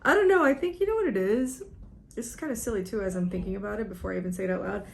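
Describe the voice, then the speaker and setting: A woman's voice: mid-range voice, rapid-fire, creaky, noisy background. A young woman chatting casually at home while doing her makeup, rambling and emotional, tearing up as she talks. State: teary, close to crying. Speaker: beauty vlogger. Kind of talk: casual get-ready-with-me chat.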